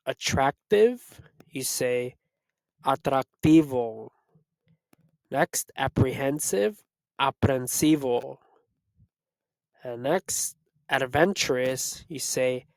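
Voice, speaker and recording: A man teaching Spanish, reading a vocabulary list and repeating each word slowly to drill it. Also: medium pitch, no echo. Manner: slow, repetitive word-by-word drilling. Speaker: Spanish tutor. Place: Los Angeles area.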